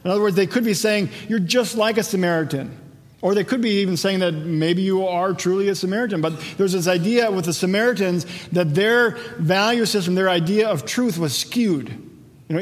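A man's voice: high-pitched, a little fast. A man teaching a conversational Bible sermon, asking rhetorical questions and acting out the dialogue of the passage. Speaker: pastor. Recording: long hall reverb.

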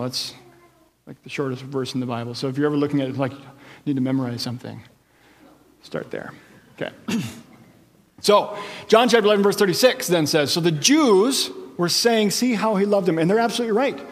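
A man's voice: fairly high pitch, in a large hall. A man preaching a sermon as pastor, explaining scripture in a conversational way and checking in with his listeners.

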